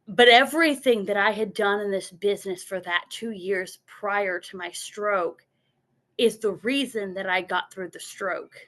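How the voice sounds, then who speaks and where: A woman's voice: mid-range voice, a little slow, fairly bright tone. A woman giving a motivational talk from her notes, earnest, repeating words as she goes and acting out her own inner voice.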